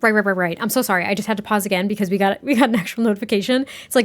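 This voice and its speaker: A woman's voice: medium pitch, very fast, hardly any pauses. Chatty, giggly young woman gamer. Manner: chatty, giggly, rambling with fillers. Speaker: gaming creator. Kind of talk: casual game commentary.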